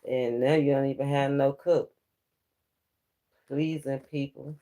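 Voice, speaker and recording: A man's voice: mid-range voice, fairly even intonation, measured pace, warm tone. A man giving a casual spiritual tarot reading, talking straight to his viewers in a preachy way and laughing often between points. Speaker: tarot reader.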